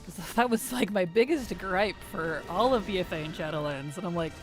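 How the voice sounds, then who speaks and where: A woman streaming a game, chatting casually with viewers, chatty and giggly with animated rants. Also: lowish voice, normal speed, over music. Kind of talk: casual gameplay chat with viewers.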